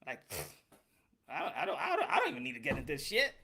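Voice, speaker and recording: A man's voice: fairly high pitch, quick pace, creaky. A man, giving a casual, swearing, laughing monologue as a boxing commentator. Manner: loud, animated, laughs often, swears.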